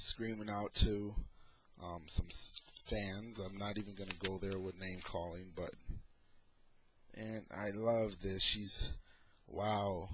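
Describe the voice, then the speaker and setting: A man's voice: on the low side, bright, forceful tone, slightly rough, no room sound. A middle-aged man talking in a casual, sarcastic way as he comments on photos and his own troubles. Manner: sarcastic, slow and deliberate. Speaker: vlogger.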